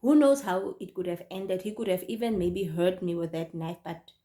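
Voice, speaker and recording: A young woman from Namibia with a Namibian accent, telling her own story to her viewers in a casual, animated way. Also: on the low side, moderate pace. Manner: animated, addresses viewers directly. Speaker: YouTuber.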